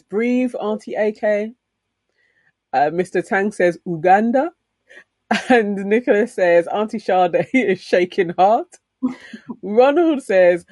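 A woman co-hosting a casual show, reading viewer comments aloud with pauses and fillers. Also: on the low side, a little mellow, no echo.

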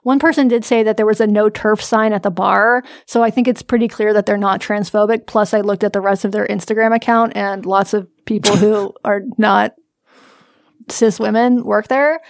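A woman co-hosting a podcast, blunt and teasing with a deadpan delivery. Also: mid-range voice, normal speed, dry recording, studio quality. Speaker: podcast co-host. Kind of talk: casual podcast banter.

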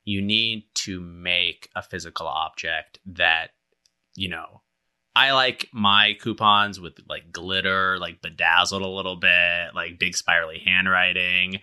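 Deep, very bright-toned man co-host. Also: steady tone, unhurried, clean tone. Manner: rambling, full of fillers and restarts, joking. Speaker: podcast co-host. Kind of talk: casual chat.

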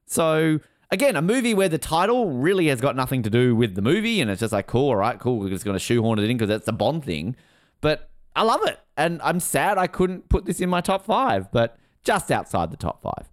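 Clear-voiced man chatting on a podcast. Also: medium pitch, sing-song, brisk. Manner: jokey, laughs often, mock accent bits. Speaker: podcast co-host. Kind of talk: casual chat.

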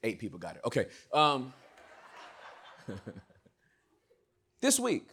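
A male pastor preaching a sermon, swinging from loud shouts to hushed words. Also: medium pitch, huge pitch swings, slow pace, breathy edge.

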